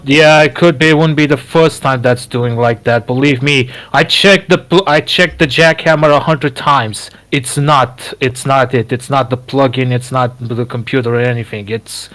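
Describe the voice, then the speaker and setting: A man's voice: mid-range voice, fairly even intonation, moderate pace, fairly bright tone. Male caller in voice chat, casual, repeats phrases, restarts, reassuring tone. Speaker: voice chat guest. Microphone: computer headset over voice chat.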